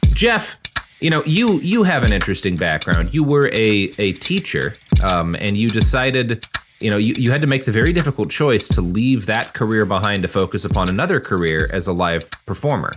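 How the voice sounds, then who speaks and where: A man hosting a comedic podcast, joking in a mock-earnest, deadpan way, with many restarts. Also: lowish voice, moderate pace, noisy background. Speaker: podcast host.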